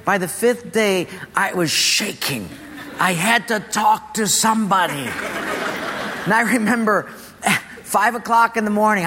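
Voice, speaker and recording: A man preaching a sermon, telling a funny personal story with lively delivery and laughter, then slowing into a quiet, earnest close and a prayer. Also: high-pitched, big-room sound. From Portugal. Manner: humorous, animated storytelling with laughter. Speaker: pastor.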